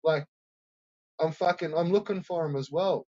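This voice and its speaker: Defensive homeless Aussie streamer, insistent, a little higher, done by a man. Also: normal speed, a little mellow, dull audio, lightly acted. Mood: protesting. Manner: insistent, protesting.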